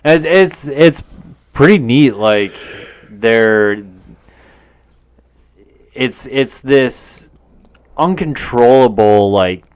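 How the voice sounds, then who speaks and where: A man's voice: mid-range voice, lively intonation, drawn-out words, pauses often, smooth, no echo. A man co-hosting a horror podcast, chatting casually about a film and answering with many short agreeing replies. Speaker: podcast co-host. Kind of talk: casual movie recap chat.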